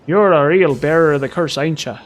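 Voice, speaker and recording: A man's voice: fairly high pitch, a little fast, natural voice. A man doing a jolly teasing leprechaun. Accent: mock Irish. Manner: sing-song, repeating itself. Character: boisterous male Irish leprechaun, jolly and teasing.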